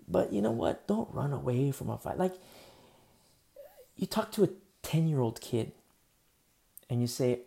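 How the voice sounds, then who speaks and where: A man preaching a sermon, acting out bits of dialogue and dropping to soft, hushed lines for emphasis. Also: fairly high pitch, normal speed, vocal fry, long pauses. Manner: animated preaching, acts out dialogue, drops to near whispers. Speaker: pastor.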